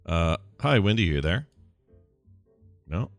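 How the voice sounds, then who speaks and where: A man hosting a podcast in casual chat, animated and laughing easily, talking through rambling asides on a home mic over a remote call. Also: low-pitched, slow pace, vocal fry, dry recording, faint music behind. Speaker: podcast host.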